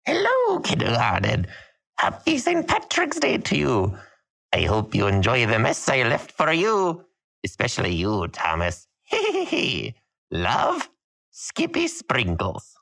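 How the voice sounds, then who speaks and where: A man voicing a hungover leprechaun leaving a voicemail, gravelly and hoarse. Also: mid-range voice, huge pitch swings, takes it slowly, a bit bright, exaggerated voice. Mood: mock cheerful.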